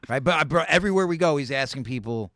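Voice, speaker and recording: A man from New City, a comedian telling animated, profane stories as a podcast guest. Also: mid-range voice, fast talker, no echo, clean studio sound. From New York City. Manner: animated, profane, full of "like" and "right?". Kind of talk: casual storytelling on a podcast.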